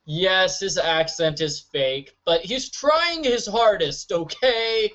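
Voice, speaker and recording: A man's voice: high-pitched, animated, slow pace, a bit bright. A man hosting a let's-play, giving chatty, jokey, rambling gameplay commentary in dull lo-fi audio.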